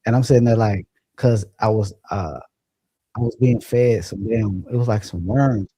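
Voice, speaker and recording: Gravelly, laid-back man telling stories. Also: fairly low pitch, moderate pace, mellow, no room sound, rough recording. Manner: loose, profane storytelling, laughs often. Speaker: livestream host. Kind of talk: casual livestream chat reading comments. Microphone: phone or computer mic.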